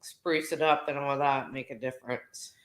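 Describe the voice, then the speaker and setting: A woman co-hosting a podcast in easygoing casual chat, often chiming in with quick agreement. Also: very deep voice, steady tone. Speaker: podcast co-host.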